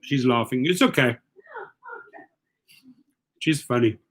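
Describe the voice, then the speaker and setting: Coaching his audience with energy, a middle-aged host with a South African accent gives advice on a livestream chat and frequently repeats himself. He speaks slowly at a medium pitch.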